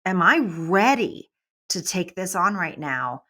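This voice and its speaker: A middle-aged woman, a business mentor guest, talking in a casual, animated way and acting out quoted voices. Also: on the low side, slow pace. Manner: animated, acts out quoted voices, laughs often. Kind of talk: casual interview talk.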